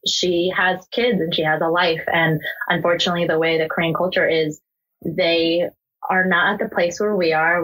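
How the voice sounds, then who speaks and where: A young woman from the United States speaks as a podcast guest, sharing her own story in an open, emotional, unpolished way. Her voice sits low for a woman and has a husky, breathy grain. She swears casually and leans on "like" between thoughts. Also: a bit bright, poor audio. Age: young adult. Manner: candid, emotional, swears freely, many fillers like "like". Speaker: interview guest.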